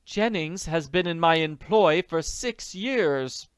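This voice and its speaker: Man playing a prim inn manager, slow measured delivery, a touch raised in pitch, dry. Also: lively intonation, clean tone, dry recording. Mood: formal. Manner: quiet, measured, slightly impatient. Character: inn manager, man, calm and stiffly polite.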